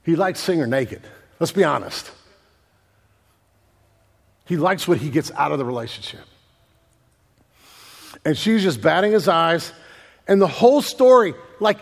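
A man preaching a sermon as pastor, casual and animated, using slang and acting out voices. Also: on the high side, unhurried, vocal fry, long pauses, big-room sound.

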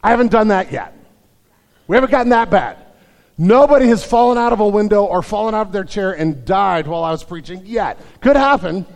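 High-voiced pastor preaching in a reverberant hall. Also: male voice, expressive, fairly quick, gravelly. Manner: storytelling with jokes, frequent restarts. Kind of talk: sermon. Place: church sanctuary.

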